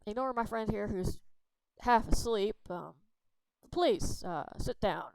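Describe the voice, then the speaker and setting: A woman's voice: mid-range voice, slow pace, gravelly, a little mellow, no echo. A woman voicing a blunt, matter-of-fact winged female warrior.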